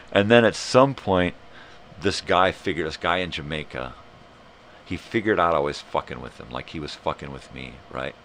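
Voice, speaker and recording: A man hosting a live morning show, ranting in a rambling, profane, animated way. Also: rumbling low, normal speed, slight background noise. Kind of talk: casual rant.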